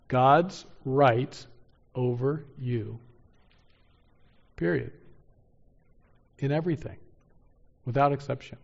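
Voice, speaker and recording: A man's voice: medium pitch, a little mellow, highs cut off. A male pastor preaching a sermon in an emphatic way, repeating key phrases for stress.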